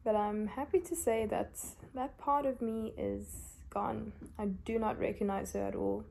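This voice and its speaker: A woman's voice: mid-range voice, steady tone, a little slow, creaky, a little hiss or hum. A tired young woman from South Africa, lying in bed and talking openly and emotionally in a confessional vlog. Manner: soft-spoken, emotional and open. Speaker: vlogger.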